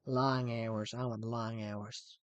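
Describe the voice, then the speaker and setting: A man voicing a gruff Texan man from a crime film, speaking in a put-on Texan accent with a low, quiet drawl. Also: flat delivery, slow, no room sound, dull audio, lightly acted.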